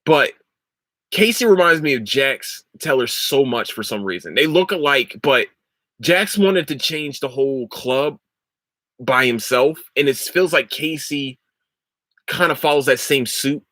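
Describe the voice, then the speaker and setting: A man's voice: mid-range voice, normal speed, dry recording. A young man hosting a casual podcast, rambling and swearing freely as he talks about shows. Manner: rambling, swears freely, breaks into loud laughter. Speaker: podcast host.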